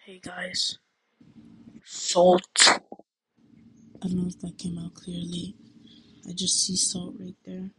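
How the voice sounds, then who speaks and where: A woman's voice: lowish voice, monotone, a little slow, sharp tone, poor audio. A woman hosting her own podcast at home late at night, rambling in slangy, self-mocking casual chat. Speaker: podcast host.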